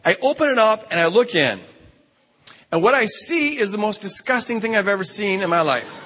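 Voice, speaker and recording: A man's voice: high-pitched, animated, fairly quick, a bit bright. A man speaking at a retreat, telling a funny story with lots of stammered restarts. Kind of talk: humorous storytelling talk. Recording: long hall reverb.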